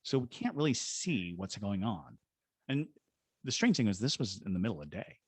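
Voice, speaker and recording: In a very animated way, a middle-aged paranormal investigator from Georgia, USA, recounts a tale as a podcast interview guest, performing the voices of those involved. He also works as a ghost tour guide. His lowish, slightly rough voice moves at normal speed, and there's no room sound.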